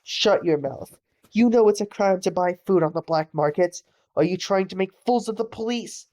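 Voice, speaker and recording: A woman's voice: mid-range voice, normal speed, darkish tone, voice pushed down, close to an everyday voice. Barking bully policeman, as a woman reads him. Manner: threatening, barking. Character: harsh bullying wartime policeman. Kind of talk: bedtime-story audiobook reading.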